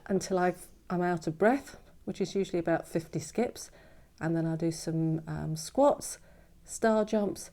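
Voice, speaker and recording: A woman with a low, warm voice sends a cheerful, casual video message from home. She chats while doing her exercises. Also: normal speed.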